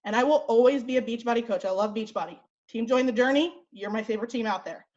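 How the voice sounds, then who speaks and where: A woman's voice: fairly high pitch, a little mellow. Woman, young adult, fitness coach, blunt, chatty, slightly breathless, lo-fi call sound. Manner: blunt, chatty, quick with fillers. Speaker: fitness coach and team leader. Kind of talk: motivational team call.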